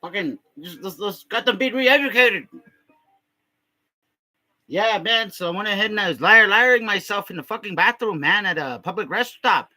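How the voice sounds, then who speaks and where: Young guy, crude improv storyteller, heavy cursing, rambling, bright tense edge to the voice. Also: high-pitched, expressive, brisk, hardly any pauses. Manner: crude, rambling, heavy profanity, constant filler "man". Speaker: comedy vlogger.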